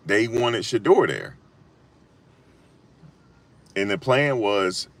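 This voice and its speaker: A man giving casual, emphatic sports talk on a live stream, repeating his points and rising to loud peaks. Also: deep voice. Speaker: sports commentator.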